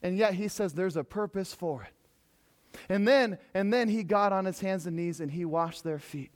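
A man preaching a sermon, emphatic, moving from loud exhortation to hushed storytelling. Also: high-pitched, moderate pace.

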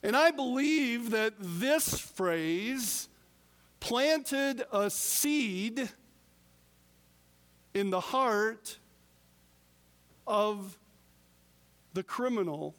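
A man preaching a sermon as pastor, deliberate with emphatic pauses. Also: very high-pitched, expressive, fairly bright tone, long reverb tail.

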